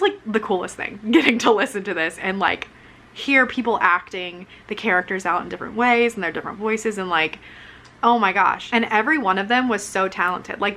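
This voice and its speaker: Bubbly young woman, bright voice. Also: medium pitch. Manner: bubbly, lots of fillers and giggles. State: voice wearing out. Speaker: author vlogger. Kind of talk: casual chat. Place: living room. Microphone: camera mic.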